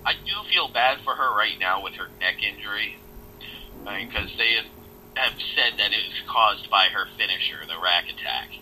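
A man's voice: on the low side, moderate pace, sharp tone, slight background noise, rough recording. A man co-hosting a casual wrestling podcast, talking bluntly and swearing now and then. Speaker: podcast co-host. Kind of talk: casual chat.

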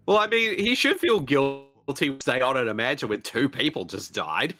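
Bright, animated male co-host, jokey, laughs often. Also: medium pitch, moderate pace. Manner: playful, giggly, jokey. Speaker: podcast co-host. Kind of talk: casual comedic movie commentary.

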